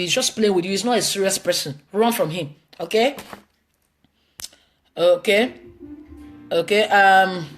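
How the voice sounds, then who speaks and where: A woman with a Nigerian accent answering viewer questions on a live stream, giving blunt, emphatic, preachy relationship advice. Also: medium pitch.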